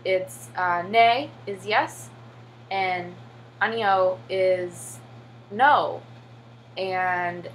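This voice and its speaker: In her casual vlog, a young woman from the United States who teaches English in Korea talks chattily, leaning heavily on fillers and "like" and imitating the children she teaches in her stories. Her voice is medium-pitched and fairly bright, on a rough recording with slight background noise.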